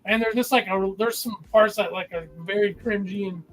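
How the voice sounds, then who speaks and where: A man's voice: sits high, normal speed, a bit bright, rough recording. A young man chatting enthusiastically as a guest on a casual video-call livestream, rambling with lots of fillers.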